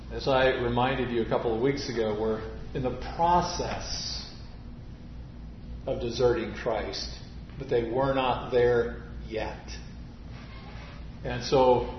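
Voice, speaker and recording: A man preaching a sermon, speaking deliberately and stressing key words emphatically. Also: medium pitch, slight background noise. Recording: roomy, slightly dull recording.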